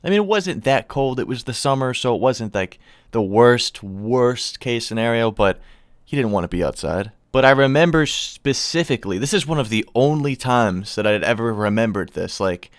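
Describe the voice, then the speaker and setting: A man's voice: mid-range voice, animated, moderate pace, dry recording, clean studio sound. A young man telling a long story in casual vlog style, rambling and swearing, laughing at his own tale. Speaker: vlogger.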